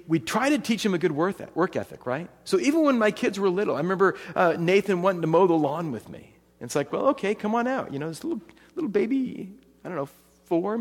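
A middle-aged man giving a conversational sermon as a pastor, often asking his audience rhetorical questions. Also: fairly high pitch. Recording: long hall reverb.

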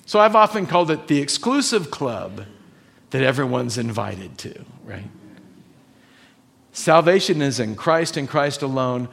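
A man's voice: fairly high pitch, expressive, normal speed, creaky, a bit bright. Emphatic man preaching a sermon. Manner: emphatic, repeats key points and asks listeners questions. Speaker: pastor.

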